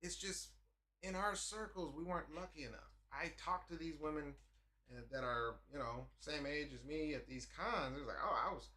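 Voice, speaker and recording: A man's voice: fairly high pitch, moderate pace, pushed and bright. A man hosting a livestream, chatting casually and telling stories with lots of energy, acting out the voices of people he quotes. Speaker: livestream host.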